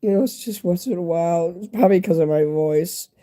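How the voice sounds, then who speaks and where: Man in his fifties, live streamer. Hoarse, stuffy-nosed, mellow voice, rambling and candid. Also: high-pitched, fairly quick. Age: 50s. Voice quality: stuffy nose. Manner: rambling, candid, talks straight to viewers. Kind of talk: casual live-stream chat with viewers.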